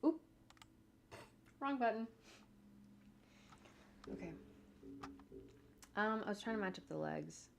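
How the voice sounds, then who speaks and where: Woman, mid-pitched, casual rambling streamer thinking aloud at home, faint background hum. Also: animated, takes it slowly, vocal fry, long pauses. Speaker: animator streaming her work. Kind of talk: casual livestream talk while working.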